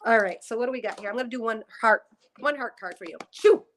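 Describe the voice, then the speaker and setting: A woman's voice: fairly high pitch, quick pace, fairly bright tone, a little hiss or hum. A woman doing a psychic reading on a headset mic, emotional and tearful as she rambles through her impressions. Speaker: psychic reader. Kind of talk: spiritual reading session.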